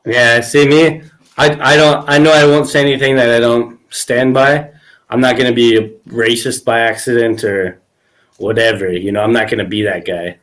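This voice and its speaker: A man's voice: medium pitch, steady tone, moderate pace, fairly bright tone. A man hosting a podcast, telling crude stories in casual chat and laughing often. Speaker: podcast host.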